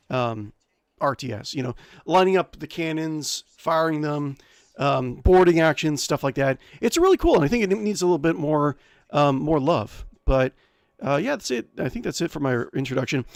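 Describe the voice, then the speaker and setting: A casual man hosting his own game live stream, his voice sitting a bit high for a man. He rambles and corrects himself mid-sentence, full of fillers. The sound is dry and close, with no room around it. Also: gravelly, dry recording.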